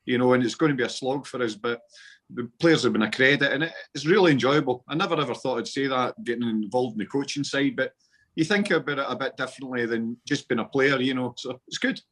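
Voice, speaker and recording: A man's voice: mid-range voice, fast, fairly bright tone. A Scottish man in his forties chats as a podcast guest and tells football stories in plain local slang. His voice sits in the middle of the male range, and he talks easily and at length. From Scotland. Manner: chatty storytelling with local slang. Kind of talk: casual chat.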